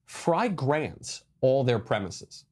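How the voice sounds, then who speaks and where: A man's voice: medium pitch, slow pace. A man giving emphatic, sarcastic political commentary over news clips. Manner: emphatic, sarcastic, lively delivery.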